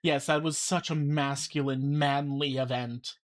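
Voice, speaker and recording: A man's voice: medium pitch, steady tone, measured pace. A man reacting to a video, cutting in with playful, teasing remarks. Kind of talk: reaction commentary.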